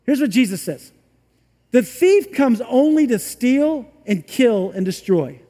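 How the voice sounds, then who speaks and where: A man's voice: extremely high pitch, sing-song, unhurried. A man preaching a sermon in a chatty way, acting out little voices and whooping now and then. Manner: conversational, acts out little voices, shouts of "woo". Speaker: pastor. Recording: long reverb from a large room.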